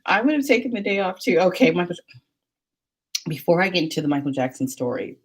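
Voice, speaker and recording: Husky low-voiced woman telling stories. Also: sing-song, fast. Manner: chatty, rambling, many "like" fillers. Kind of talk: casual storytelling chat.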